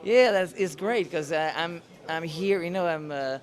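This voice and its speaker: A man in his thirties with a French accent, a singer answering interview questions in a friendly, unhurried way while searching for words in English. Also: on the high side. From France. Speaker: singer and pianist. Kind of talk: casual interview.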